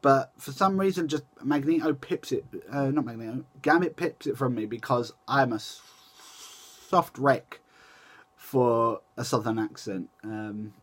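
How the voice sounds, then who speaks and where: A man's voice: mid-range voice, a little slow. A young man talks straight into his camera in a loose, chatty vlog style, his voice sitting in an ordinary middle range. He rambles, breaks off and restarts his sentences, and corrects himself as he goes. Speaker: vlogger. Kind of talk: casual chat to camera.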